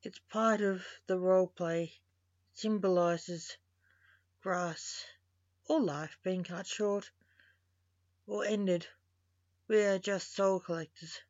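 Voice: medium pitch, steady tone, slow pace, pauses often, no room sound, close to an everyday voice. A storyteller voicing a sarcastic, joking male reaper who is a father, on a dull lo-fi recording. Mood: dry.

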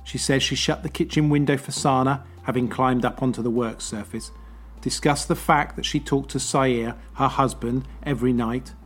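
An English man narrating a true crime podcast in a measured, explanatory manner. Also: medium pitch, steady tone, breathy edge. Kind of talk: scripted narration.

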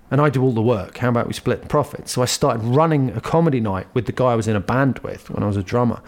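A man, a comedian telling lively anecdotes with laughs in a casual interview. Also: medium pitch. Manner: animated, anecdotal, laughs while telling stories. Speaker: guest comedian.

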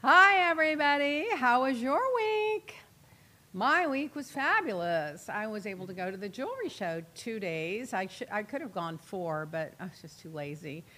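A woman's voice: a little high, moderate pace. A woman hosting a casual talk show, telling gossipy stories with lots of laughter. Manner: chatty, gossipy, laughs often, animated retelling. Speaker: host. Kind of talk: casual chat, storytelling.

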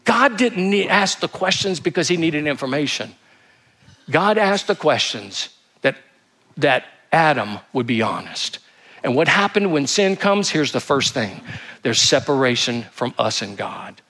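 A man's voice: a little high, very animated, measured pace, sharp tone. A male pastor preaching a sermon, emphatic, asking rhetorical questions and reading scripture aloud.

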